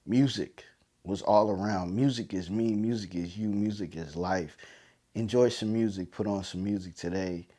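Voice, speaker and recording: A man with a fairly low, mellow voice speaks at a moderate pace as he hosts a podcast. He tells heartfelt family stories, getting choked up and emotional, repeating himself and using lots of fillers.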